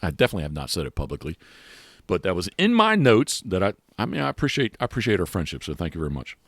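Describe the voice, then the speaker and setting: Male podcast host, very low voice, dry close sound, loose rambling chat. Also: huge pitch swings, racing, no room sound. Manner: rambling, many restarts and fillers. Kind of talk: casual chat.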